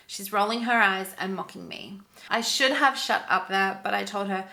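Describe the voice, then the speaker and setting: A woman hosting a channel, reading an online story aloud with expressive, sympathetic commentary. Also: medium pitch, normal speed, vocal fry. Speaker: story narrator and channel host.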